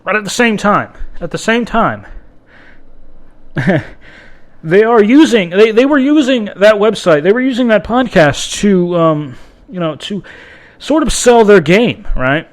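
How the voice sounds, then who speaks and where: Podcast host, male, high-pitched voice, rambling, profane, keeps restarting his sentences. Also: animated, measured pace, pauses often. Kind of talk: casual podcast monologue.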